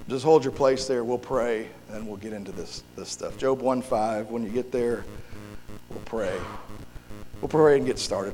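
A male pastor with a gravelly, hoarse voice preaches a sermon and prays, halting and restarting as he searches for words. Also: medium pitch, warm tone. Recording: long hall reverb.

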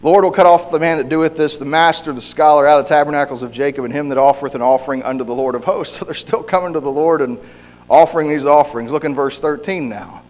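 A man's voice: fairly high pitch, fast talker. A man preaching a sermon in a conversational way, often repeating words and briefly acting out the people he quotes. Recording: hall reverb.

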